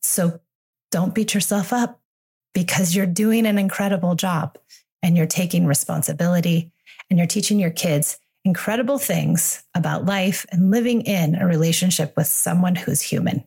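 Candid woman parenting coach, lowish voice. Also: normal speed, gravelly, mellow, breathy edge. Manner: candid, earnest and reassuring. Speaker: parenting coach and podcast host. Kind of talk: solo podcast monologue.

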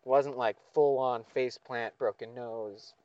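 A man's voice: mid-range voice, fairly even intonation, a little slow, darkish tone, dry recording, lo-fi sound. A man venting in a profane, sardonic monologue, with frequent swearing and sighs. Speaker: vlogger.

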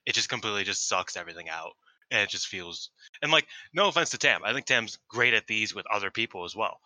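Podcast dude rambling, lots of likes and um, super bright voice, dry mic. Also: male voice, fairly low pitch, animated, fast, no echo, low-quality recording. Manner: rambling, swears casually, filler-heavy. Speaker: co-host. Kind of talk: casual wrestling podcast chat.

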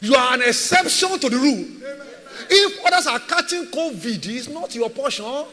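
A man's voice: very high voice, animated, moderate pace, bright, forceful tone, long reverb tail. A man preaching a sermon as a pastor, emphatic and repetitive, firing rhetorical questions at his church.

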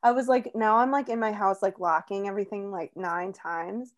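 A young woman in casual chat, telling stories in a chatty, animated way with lots of fillers. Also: mid-range voice, normal speed, a little hiss or hum. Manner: chatty, animated storytelling with many "like"s.

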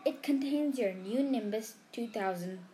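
A woman reading out a note from a brisk, stern female professor in a storybook reading. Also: a little high, dark tone, a little hiss or hum, lightly acted.

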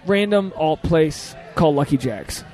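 Animated, profane young man telling stories. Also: on the high side, unhurried, soft background music. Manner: animated, profane, acts out quotes. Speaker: podcast host and stand-up comedian. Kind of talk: casual storytelling chat.

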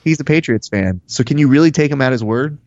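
A man co-hosting a casual podcast, telling animated stories, swearing and acting out what people said. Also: mid-range voice, fast talker, no echo, dull audio. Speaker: podcast co-host.

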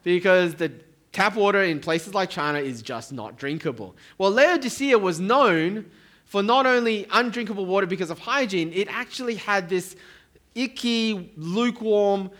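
A man's voice: high voice, normal speed, fairly bright tone. A middle-aged man preaching a sermon to a church congregation, with a conversational tone and joking asides. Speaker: pastor. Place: church hall.

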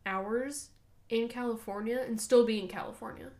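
A woman's voice: on the high side, steady tone, moderate pace, darkish tone. A woman co-hosting a true-crime podcast, chiming in with short remarks in casual chat. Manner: chimes in with short agreeing remarks. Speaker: podcast co-host.

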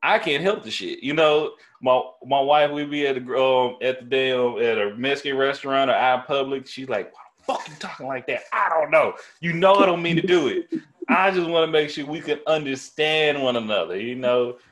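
A man with a deep voice telling stories in casual podcast chat, swearing freely and restarting his sentences often. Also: normal speed, fairly bright tone. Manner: casual, profane storytelling with many restarts.

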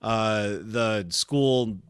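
A man's voice: lowish voice, fairly even intonation, extremely slow, a bit bright, smooth, dry recording, studio quality. A man co-hosting a casual podcast, ranting with lots of swearing. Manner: profane, ranting. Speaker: podcast co-host. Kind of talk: casual chat.

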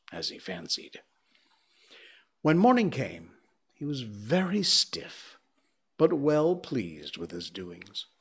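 A man reads a classic story aloud at an unhurried pace. His pitch rises and falls with the drama, so the sentences feel lively despite the slow delivery. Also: breathy edge. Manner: slow, expressive storybook narration.

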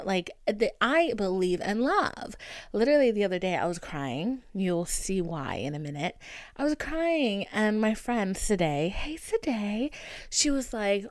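A woman's voice: medium pitch, dry recording, studio quality. A young woman hosting a podcast, telling a gossipy story in a dramatic, chatty way and laughing often. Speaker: podcast host. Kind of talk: casual storytelling chat.

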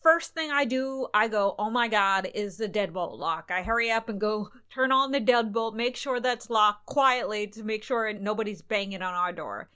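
Bright-voiced woman telling travel stories. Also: fairly high pitch, normal speed, hardly any pauses, smooth. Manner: animated, recounts events with quoted dialogue. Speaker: podcast co-host. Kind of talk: casual travel storytelling.

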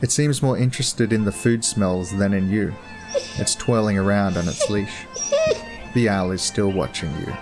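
A man calmly narrating a second-person story. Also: fairly low pitch, moderate pace, music in the background.

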